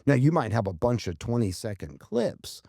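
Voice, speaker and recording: A man's voice: mid-range voice, sing-song, normal speed, creaky, mellow, breathy edge, no echo, clean studio sound. Blunt, swearing male podcast host. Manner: blunt, profane, emphatic, lays out numbered tips. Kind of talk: casual marketing podcast talk.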